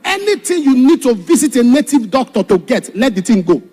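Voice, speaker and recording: Impassioned high-voiced preacher with husky tone. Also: male voice, sing-song, fairly quick. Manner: impassioned, shifts from shouted warnings to hushed storytelling. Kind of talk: sermon.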